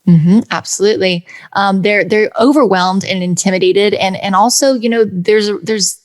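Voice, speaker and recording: A woman's voice: medium pitch, normal speed. A woman, a music producer and coach, talking animatedly as a podcast guest into a studio mic, full of fillers and acted-out quotes. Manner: animated, acts out quoted people, many fillers. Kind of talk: casual interview chat. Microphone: studio dynamic mic.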